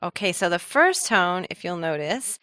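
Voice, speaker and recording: A woman's voice: fairly low pitch, big pitch swings, moderate pace, bright, forceful tone, no room sound, clean studio sound. A woman hosting a language lesson, explaining with an upbeat manner and laughing easily. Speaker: language teacher host. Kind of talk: scripted podcast lesson with co-host.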